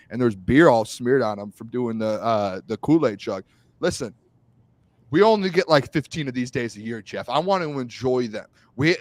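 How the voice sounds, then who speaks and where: A young man co-hosting a sports talk show, excitable and teasing, often shouting. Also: on the high side, no room sound. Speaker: co-host.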